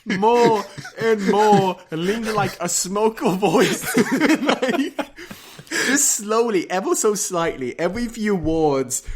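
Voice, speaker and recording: Podcast co-host, casual, rambling, lively pitch. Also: slow. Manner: rambling, chatty, laughs a lot. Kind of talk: casual chat.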